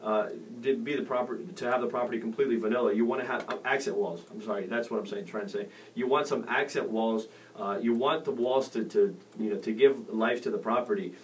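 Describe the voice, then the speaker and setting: A man's voice: on the low side, fairly quick, few pauses. A middle-aged man hosting a real estate radio show, giving advice in a rambling way with many fillers and restarts. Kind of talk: casual radio advice talk. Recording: distant mic with faint noise.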